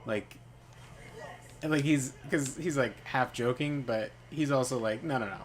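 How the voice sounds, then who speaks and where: A man's voice: mid-range voice, measured pace. Male gaming host, casual rambling storyteller, filler-heavy, laughs easily, mid-range voice. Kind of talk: casual storytelling while playing a game.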